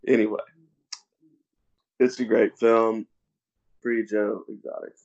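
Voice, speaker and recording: A man's voice: lowish voice, little pitch movement, slow, creaky, a little mellow. A man co-hosting a podcast in casual chat, laid-back and hesitant, with frequent ums. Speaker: podcast co-host. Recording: dull lo-fi podcast audio.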